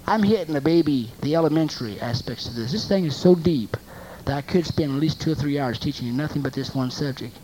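Mellow-voiced preacher repeating for emphasis. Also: mid-range voice, fast talker, a little hiss or hum, rough recording. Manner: rhetorical, asks the congregation questions and repeats phrases for emphasis. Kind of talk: sermon.

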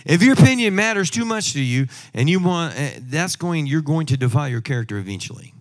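A man preaching a sermon, emphatic, moving from loud exhortation to quiet asides and humorous personal stories. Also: a little high, animated, fast talker.

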